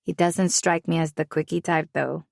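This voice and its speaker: A woman's voice: sits low, level tone, moderate pace, creaky, no room sound, clean studio sound, full character voice. A woman voicing a cheeky, teasing female coworker in an audiobook.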